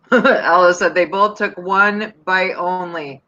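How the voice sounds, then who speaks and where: A woman in casual chat, agreeing often with soft mm-hmms. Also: fairly low pitch, fairly even intonation, slow pace, dull audio. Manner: warm agreeing, frequent mm-hmms.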